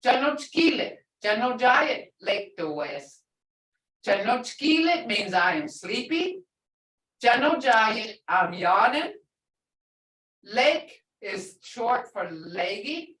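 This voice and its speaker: A woman's voice: medium pitch, very animated, takes it slowly, a bit bright, slight background noise. A woman language teacher in a classroom lesson, explaining words patiently and repeating phrases. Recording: echoey room, voice from far off.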